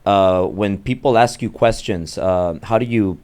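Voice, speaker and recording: A man hosting an interview, asking questions in a halting way with stumbles and restarts. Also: deep voice, darkish tone, clear, resonant tone. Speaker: host.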